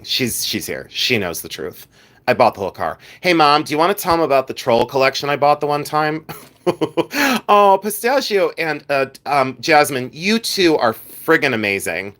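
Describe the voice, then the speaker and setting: A man's voice: medium pitch, a bit bright. A man hosting a casual live stream, chatting playfully with viewers, reading out their comments and laughing often.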